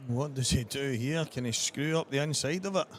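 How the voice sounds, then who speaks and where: A man's voice: medium pitch, moderate pace. A man giving live commentary on a pool match and chatting to viewers as guys.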